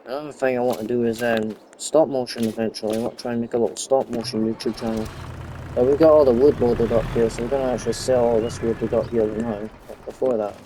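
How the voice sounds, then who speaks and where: Against a noisy background, a young man with a mid-range voice and fairly even intonation talks at a quick pace. He's a gaming YouTuber giving loose, chatty commentary on a farming game, frequently straying from the subject.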